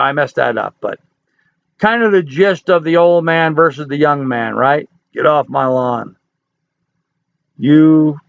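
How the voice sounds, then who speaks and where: A man's voice: mid-range voice, creaky, no room sound, lo-fi sound. A man in his sixties hosting a casual livestream, reading viewer comments and answering in a folksy, joking, chatty way. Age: 60s. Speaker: livestream host.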